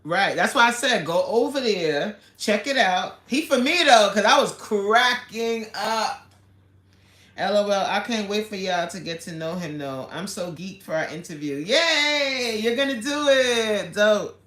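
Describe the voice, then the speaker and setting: A woman's voice: medium pitch, expressive, a little slow, fairly bright tone, roomy sound. A woman fitness coach hosting a casual livestream, reading viewer comments aloud with playful, slangy banter and frequent laughter.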